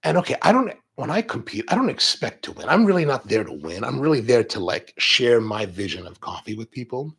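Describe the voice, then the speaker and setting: Gravelly man telling animated stories. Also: medium pitch, brisk, few pauses. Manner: animated storytelling, acts out quoted exchanges. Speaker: coffee show host. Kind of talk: live-stream chat with viewers.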